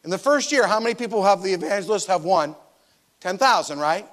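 A man preaching a sermon, animated and emphatic, swinging between loud stressed lines and soft quiet drops. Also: high-pitched, fairly quick. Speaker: pastor.

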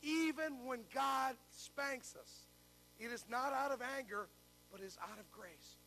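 A man's voice: very high voice, measured pace, pushed and bright, slight background noise. An older man preaching a sermon, telling a story and then asking the congregation to answer his questions aloud. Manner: preaching with call-and-response questions. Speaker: pastor.

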